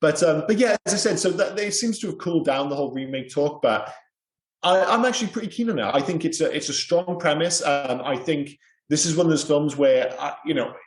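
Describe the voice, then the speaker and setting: A man co-hosting a casual film podcast, animated and quick to swear and laugh. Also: a little high. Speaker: podcast co-host. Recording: roomy echo.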